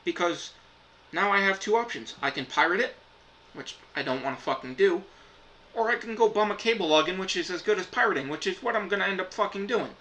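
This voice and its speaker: A man's voice: high voice, lively intonation, brisk, sharp tone, a little hiss or hum, low-quality recording. Angry, foul-mouthed man ranting on camera. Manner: frustrated, swears constantly. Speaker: reviewer. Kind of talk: profane ranting review.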